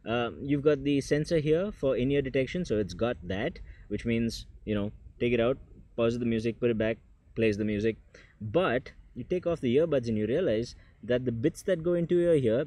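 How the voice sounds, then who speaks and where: A man's voice: mid-range voice, normal speed, mellow, dry recording. A man doing a casual tech unboxing vlog, chatty and joking, talking to the camera. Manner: chatty, self-deprecating, jokes aside. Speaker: tech reviewer. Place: indoors with people nearby.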